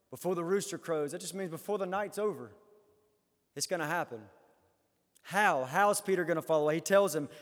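A man preaching a sermon, acting out quoted lines dramatically and swinging from loud to hushed. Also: sits high. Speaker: pastor. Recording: hall reverb.

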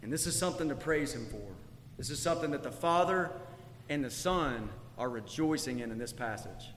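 A man's voice: medium pitch, expressive, fairly quick, a bit bright, slight background noise. A man preaching a sermon as pastor, building intensity and asking rhetorical questions. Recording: echoey hall.

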